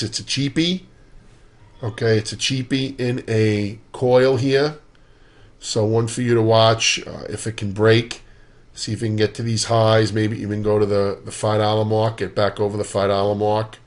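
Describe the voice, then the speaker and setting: A man with a fairly low voice talks through stock charts in a loose, conversational way. He keeps it casual and slips in dry, sarcastic remarks as he moves from one chart to the next. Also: flat delivery, normal speed. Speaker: stock market analyst.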